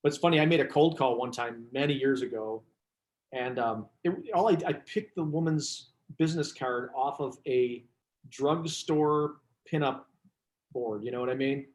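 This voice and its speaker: A man, a business coach, chatting as a guest and telling lively stories with asides and restarts. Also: medium pitch, moderate pace. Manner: animated storyteller, frequent restarts and asides. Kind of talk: casual interview chat. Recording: roomy echo.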